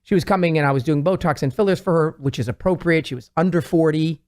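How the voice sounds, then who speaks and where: A plastic surgeon who regularly appears on a talk show chats casually, talking fast in a slightly high voice. He's an animated storyteller who quotes his patients in lively voices.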